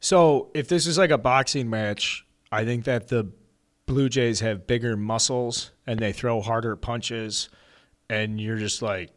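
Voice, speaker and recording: A man co-hosting a baseball podcast, talking casually and reading an ad in an excitable, rambling way with some swearing. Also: medium pitch, a little slow. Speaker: podcast co-host. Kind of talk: casual sports podcast chat with ad read.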